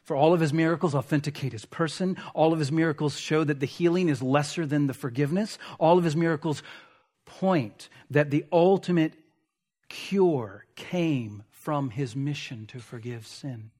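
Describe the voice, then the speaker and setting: A male preacher delivers an expository sermon. His voice is fairly high for a man. He dwells on single words and drops rhetorical asides as he explains. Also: moderate pace, darkish tone.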